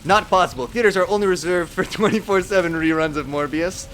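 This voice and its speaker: A man's voice: sits high, a little fast, fairly bright tone, slight background noise. A young man from Southern California chatting casually and joking while he streams a game, laughing often. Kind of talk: casual live-stream chat while gaming.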